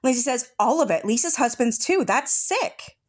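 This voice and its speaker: A woman's voice: fairly high pitch, expressive, normal speed. A woman hosting an online commentary channel, reading chat messages aloud and cutting in with angry, profane outbursts. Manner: furious, profane, confrontational. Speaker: true-crime commentary channel host.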